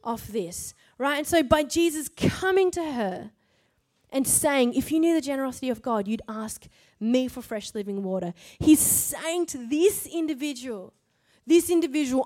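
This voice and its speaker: A woman preaching a sermon at a church service, emphatic and rhetorical, punctuating her points with quick checks to the crowd. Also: sits high, lively intonation, a little mellow.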